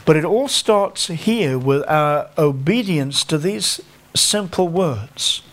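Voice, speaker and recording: A man's voice: fairly high pitch, lively intonation, slow pace, fairly bright tone, a little hiss or hum. A middle-aged man with a North Staffordshire English accent preaching a sermon in a conversational, self-deprecating way, often stopping to restart his phrases.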